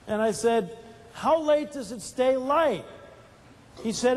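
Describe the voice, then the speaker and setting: A man's voice: extremely high pitch, measured pace. An older man giving a motivational keynote talk, asking the audience questions and answering them himself in a playful storytelling way. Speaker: keynote speaker. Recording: reverberant hall.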